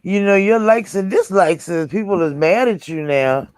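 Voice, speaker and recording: A man chatting casually in a group call, chatty and quick to laugh. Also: high-pitched, lively intonation, smooth, dry recording.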